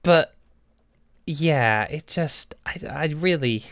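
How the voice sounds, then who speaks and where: A woman's voice: low-pitched, slow pace. A woman streamer telling a story to her chat in a casual, sweary way, laughing often. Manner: animated, sweary, frequent laughs.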